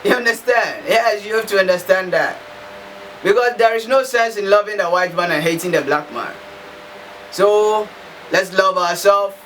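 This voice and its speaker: An African man gives an impassioned, emphatic monologue packed with repetition and rhetorical questions. His voice is high and fairly bright, at a moderate pace. The mic sounds slightly distant, with faint background noise.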